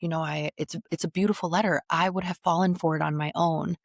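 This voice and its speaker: A woman's voice: lowish voice, steady tone, fast talker, creaky, no echo, studio quality. A woman guest on a podcast, candidly telling a long personal story in blunt, slangy casual chat.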